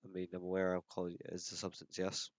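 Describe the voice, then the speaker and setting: A man with a very low voice, playing a police officer on the witness stand in a role-play court. He answers casually and hesitantly, padding his answers with fillers. The sound is dry and close. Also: monotone, quick pace, no echo.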